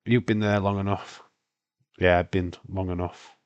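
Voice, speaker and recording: Scottish man, young adult, low-pitched, stuffy nose, rambling sweary live-stream chat. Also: level tone, moderate pace, lo-fi sound. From Britain. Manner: rambling, sweary, laughs often. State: congested from hay fever. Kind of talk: casual live-stream watch-along chat.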